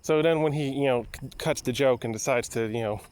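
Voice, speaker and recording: A man's voice: mid-range voice, brisk, a little mellow, smooth. Rambling man reviewing a movie. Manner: rambling, with frequent restarts. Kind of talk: casual spoken review.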